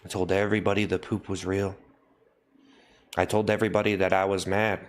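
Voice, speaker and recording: Deadpan low-voiced man streaming a mock apology. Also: brisk. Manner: repetitive, deadpan mock confession. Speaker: livestream host. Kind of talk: mock-solemn livestream apology.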